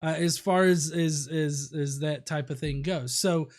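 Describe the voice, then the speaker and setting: A man's voice: a little high, fairly even intonation. Foul-mouthed ranting male streamer. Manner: profane, rambling, quick to rant. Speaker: livestream host. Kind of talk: casual livestream commentary. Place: at home.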